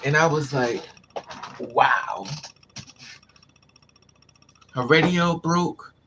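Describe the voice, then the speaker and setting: A man's voice: on the high side, very slow, a bit bright, a little hiss or hum. A man vlogger intensely telling a painful personal story to his viewers, repeating himself as he vents. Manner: intense, repetitive, venting.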